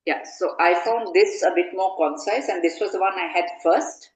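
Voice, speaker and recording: A woman's voice: fairly low pitch, moderate pace, echoey room, poor audio. A woman in a study group casually explaining why she prefers a book. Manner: relaxed, uses fillers like you know.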